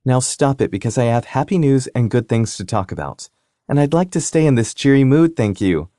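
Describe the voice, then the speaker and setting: A man's voice: medium pitch, animated, a little fast, dark tone, no echo, studio quality, voice pushed up, natural voice. A man voicing a cheerful, teasing young woman in an audiobook, a playful sister. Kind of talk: audiobook character reading.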